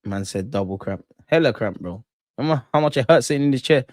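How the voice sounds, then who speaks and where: A young man hosts a football watchalong, ranting back at his live chat in fast, animated speech with a darkish tone. He swears a lot and his indignation goes high-pitched as he reacts casually to the match.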